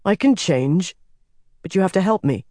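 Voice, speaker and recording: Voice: medium pitch, animated, normal speed, dark tone, no echo, studio quality, pitched above the performer's own voice, natural voice. A narrator voicing a young prince who speaks in a stubborn, insistent and earnest way.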